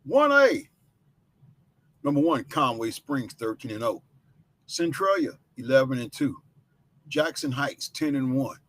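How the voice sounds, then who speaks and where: A man hosting a sports show, reading out high school football rankings in a brisk listing manner with short personal asides. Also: big pitch swings, fairly bright tone.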